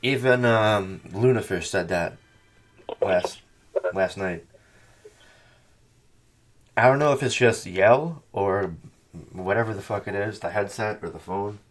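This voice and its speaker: A man hosting a podcast in casual chat, talking in a profane, animated, mocking way into a headset or phone mic on a call. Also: fairly low pitch, slow, pauses often. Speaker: podcast host.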